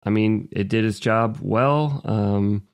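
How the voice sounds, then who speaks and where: A man's voice: lowish voice, slow pace, smooth. A man co-hosting a casual podcast about video games, rambling with jokey asides. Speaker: podcast co-host.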